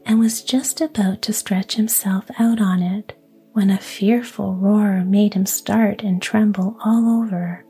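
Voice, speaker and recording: A woman's voice: medium pitch, mellow, breathy edge. A woman reading a fairy tale aloud, whispering throughout. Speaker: storyteller.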